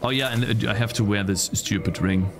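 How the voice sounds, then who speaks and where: Game music plays behind a man with a fairly low voice who talks fairly quickly while streaming a video game. His commentary is casual and aimed at his viewers, and he swears freely whenever he gets frustrated, which happens easily.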